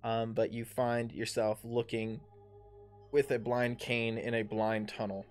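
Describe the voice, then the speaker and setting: Thirties game master, plain mid voice, hesitant delivery, faint music underneath. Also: male voice, mid-range voice, level tone, measured pace. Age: 30s. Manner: hesitant, many um and uh fillers. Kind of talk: narrating a tabletop game.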